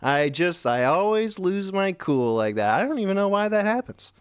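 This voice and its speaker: A man's voice: high-pitched, big pitch swings, moderate pace, smooth, no room sound, studio quality, voice pushed up. A man playing a hot-tempered guy who flies into a screaming rage. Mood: sheepish friendly. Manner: explosive yelling, then oddly friendly.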